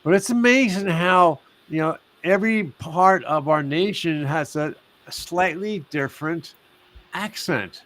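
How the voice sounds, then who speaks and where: A man's voice: fairly high pitch, a little slow, fairly bright tone. A man hosting a casual live stream, rambling with many fillers and restarts. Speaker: host.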